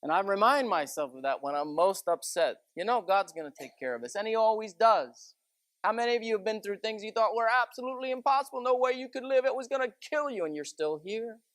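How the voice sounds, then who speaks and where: A man preaches in an animated, high-pitched, fairly bright voice, a little fast and with no echo. The sermon is chatty and folksy, filled with stories, tangents and repeated "you know"s.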